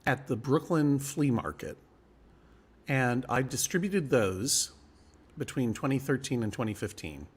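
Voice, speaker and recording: A man's voice: mid-range voice, fairly bright tone, breathy edge. A man chatting as a live-stream guest, telling long wry anecdotes with frequent laughter and restarts. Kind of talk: casual live chat.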